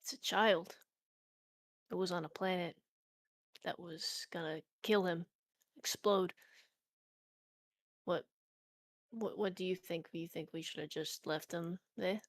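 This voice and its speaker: A woman's voice: lowish voice, fairly even intonation, unhurried, long pauses, dry recording, studio quality. A woman playing a tabletop role-play, narrating her character, earnest with hesitant restarts. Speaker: player.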